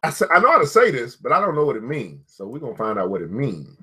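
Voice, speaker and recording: A man reading a book aloud to his listeners and stopping to comment, excitable and quick to whoop and laugh. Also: mid-range voice, breathy edge. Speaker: book reader and host.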